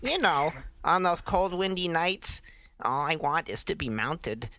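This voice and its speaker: A man's voice: on the high side, lively intonation, measured pace, sharp tone, a little hiss or hum, voice pushed up, full character voice. A man voicing a coy, flirting online gamer in a comic dramatic reading, his voice lightly raised.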